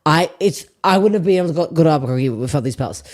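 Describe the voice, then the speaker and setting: A woman hosting a podcast, telling stories in casual chat with lots of swearing. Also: low-pitched. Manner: rapid, profane, animated storytelling. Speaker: podcast host.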